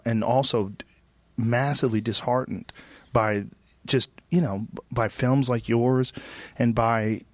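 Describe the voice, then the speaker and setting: A man hosting a podcast interview, talking in animated, quick bursts and swearing casually. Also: mid-range voice, no echo. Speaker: podcast host.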